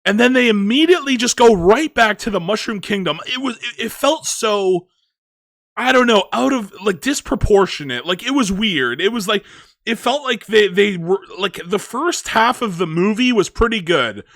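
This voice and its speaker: A man's voice: high voice, expressive, normal speed, fairly bright tone, dry recording, studio quality. A man giving a casual movie review, rambling with lots of filler words.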